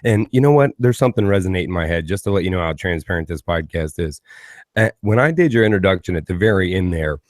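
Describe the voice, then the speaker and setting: A male podcast host with a low voice talks in a loose, rambling, caffeinated way and pokes fun at himself. The recording is close and dry, with no room sound. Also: expressive, fast talker, no room sound. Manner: rambling, self-mocking, caffeinated. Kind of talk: casual podcast intro and chat.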